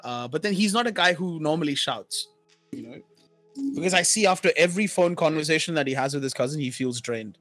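A man's voice: fairly high pitch, a little fast, no room sound, faint music behind. A man from India, a podcast co-host chatting casually and acting out the people in his stories. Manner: animated storyteller, acts out quoted voices.

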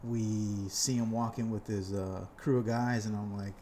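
A man's voice: on the low side, steady tone, measured pace, dark tone, a little hiss or hum. Upbeat man telling a podcast story. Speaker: podcast co-host. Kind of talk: casual storytelling.

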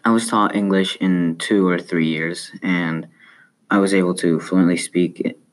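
Low-voiced man with a light Spanish accent. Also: fairly even intonation, unhurried. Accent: light South American Spanish. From South America. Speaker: student. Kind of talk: reading a personal essay aloud.

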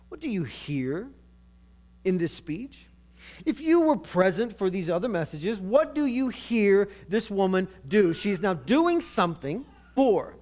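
High-voiced man preaching a sermon. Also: expressive, normal speed. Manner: dramatic, swinging from loud emphasis to near-hushed asides. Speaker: pastor.

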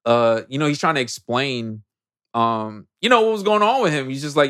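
This podcast co-host has a medium-pitched voice and talks at a normal speed while recapping a movie. His delivery is lively and full of slang, and he voices the characters' lines as if acting them out.

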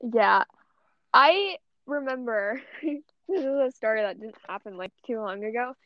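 A woman's voice: on the high side, animated, a little slow, no echo. A young woman co-hosting a podcast, chatting casually and rambling, swearing often and saying "like" constantly. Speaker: podcast co-host. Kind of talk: casual chat. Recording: dull, lo-fi audio.

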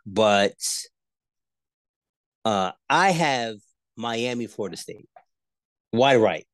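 A man co-hosting a casual sports podcast, debating rivalries and jumping high in pitch when he argues. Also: very slow, no room sound. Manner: animated, pitch jumps high when arguing.

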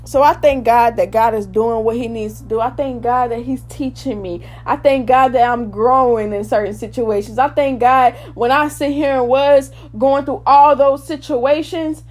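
Woman, high voice, impassioned informal sermon, repetitive, loud then soft. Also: moderate pace, few pauses. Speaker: preacher.

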